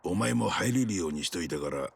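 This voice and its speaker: An actor voicing a gruff older male yakuza character in a video game. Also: low-pitched, animated, very fast, dry recording, heavily acted. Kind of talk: game voice acting.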